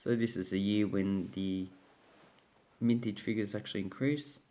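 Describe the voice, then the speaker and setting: Man, Australian accent, lowish pitch, casual rambling talk, uh fillers, self-corrections. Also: steady tone, moderate pace, mellow. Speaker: coin collecting channel host. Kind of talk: casual coin collecting talk.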